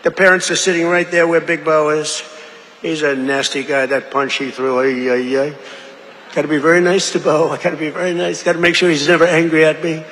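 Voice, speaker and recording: Man at a rally podium, digressive and repetitive, high bright tone, long echo of an amplified venue. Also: steady tone, fairly quick, slight background noise. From United States. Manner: repetitive, digressive, acts out quoted voices. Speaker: political rally speaker. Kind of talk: rambling rally speech. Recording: echoey amplified rally hall.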